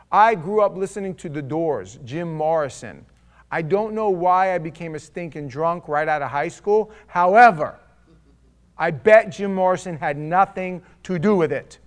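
Male pastor, somewhat high voice, chatty sermon delivery with dry humor, shifts from loud to hushed. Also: lively intonation, measured pace. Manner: conversational, wry and humorous, swinging between loud and hushed.

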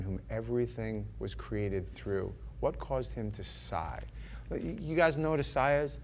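A man from New York preaching a sermon, animated and joking, acting out little voices as he tells his stories. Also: medium pitch, a little hiss or hum. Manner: animated, acts out voices and jokes.

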